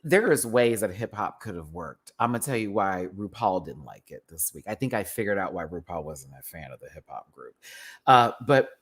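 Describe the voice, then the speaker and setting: Sassy, animated male reviewer. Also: deep voice, normal speed, husky. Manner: sassy, animated, laughs often, swears freely. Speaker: show reviewer. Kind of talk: casual reaction rant.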